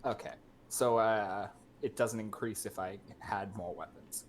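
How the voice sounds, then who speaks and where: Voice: deep voice, steady tone, unhurried, a little hiss or hum. A player at a tabletop game, asking literal follow-up questions in casual chat.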